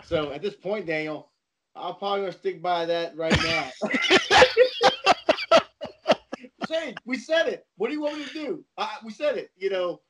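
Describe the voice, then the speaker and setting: A man co-hosting a podcast, speaking in a halting, defensive way and often breaking off mid-thought. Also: sits high, very noisy. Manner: defensive, halting, repeats names. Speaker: podcast co-host. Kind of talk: casual podcast chat.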